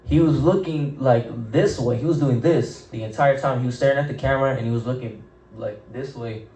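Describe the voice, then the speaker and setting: A young man hosts a casual podcast and rambles through his stories in loose slang, restarting his sentences. His voice is dark and mellow. He sits back from the mic in a roomy, echoing space. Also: mid-range voice, a little fast, recorded from a distance. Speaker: podcast host.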